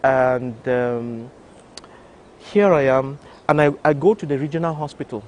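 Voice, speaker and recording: An older man, a doctor from Cameroon, telling an interviewer his story, animated and full of restarts. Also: mid-range voice, unhurried, a little hiss or hum. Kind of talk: recounting a personal story. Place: television studio.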